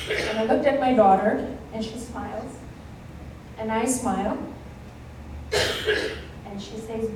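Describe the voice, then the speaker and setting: A woman from Kenya giving a keynote talk, telling a personal story in an animated way and acting out the dialogue. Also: a little high, slight background noise. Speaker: keynote speaker. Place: conference hall stage. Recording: echoey hall, mic at a distance.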